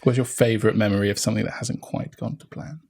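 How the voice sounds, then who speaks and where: A man's voice: lowish voice, quick pace, vocal fry, a little mellow, breathy edge. A man co-hosting a podcast, chatting in an enthusiastic, easygoing way. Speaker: podcast co-host. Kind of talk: casual chat.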